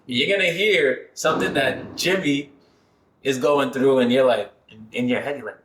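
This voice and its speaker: A man's voice: mid-range voice, normal speed. Storytelling man in an echoey room. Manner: animated storyteller. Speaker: men's support circle leader. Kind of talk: casual podcast conversation.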